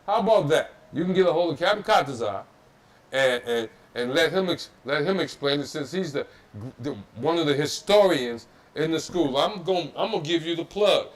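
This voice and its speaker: A man's voice: on the high side, animated, moderate pace. A man teaching a religious history class in a preaching style, emphatic and repetitive, with mocking asides. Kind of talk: preaching-style scripture lecture. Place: Detroit.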